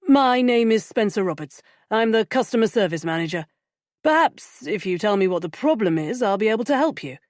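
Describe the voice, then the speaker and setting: A woman voicing a composed male bank manager who speaks calmly and matter-of-factly in an audiobook. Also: mid-range voice, a little fast, no room sound, clean studio sound, pitched above the performer's own voice, natural voice. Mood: curt. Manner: calm, clipped, matter-of-fact.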